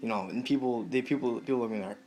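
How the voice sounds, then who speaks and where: A young man talking casually to the camera in a halting, hesitant way, with many restarts and fillers. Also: mid-range voice, a little mellow, faint music behind. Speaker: vlogger.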